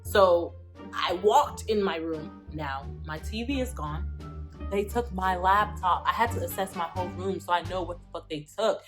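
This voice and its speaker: A woman's voice: fairly low pitch, moderate pace, music in the background. Emphatic young woman telling a story. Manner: emphatic, profane, repeats lines for effect. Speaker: vlogger. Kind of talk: storytime vlog.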